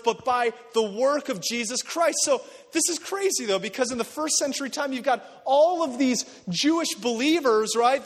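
A man pastor preaching a sermon in a church, animated and conversational, acting out quotes as he goes. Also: extremely high pitch, long reverb tail. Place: church sanctuary.

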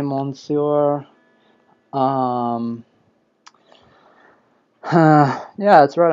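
A man's voice: mid-range voice, darkish tone, clean tone. A man hosting a casual solo live podcast, rambling and self-deprecating, a little sleepy. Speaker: podcast host. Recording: lo-fi dull audio.

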